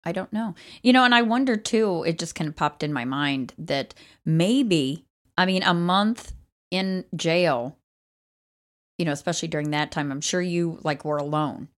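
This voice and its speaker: A woman co-hosting a podcast, reacting with animated, indignant bursts in casual chat. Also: lowish voice, normal speed. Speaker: podcast co-host.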